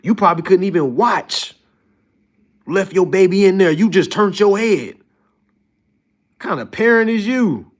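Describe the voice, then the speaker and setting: Animated man ranting to his stream. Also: unhurried, pauses often. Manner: animated, addresses viewers as y'all, mocking high-pitched impressions. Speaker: livestream host. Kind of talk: casual ranting livestream monologue.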